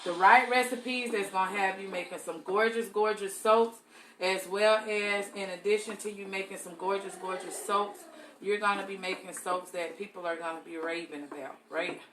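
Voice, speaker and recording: A woman's voice: mid-range voice, steady tone, normal speed, background noise. A young adult woman leading a live soap-making tutorial, chatting casually and calling her viewers y'all.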